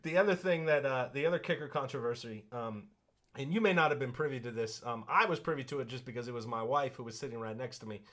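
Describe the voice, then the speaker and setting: A man's voice: mid-range voice, fast talker, fairly bright tone. A man co-hosting a casual sports podcast, telling stories in a playful, exaggerated way. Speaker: podcast co-host.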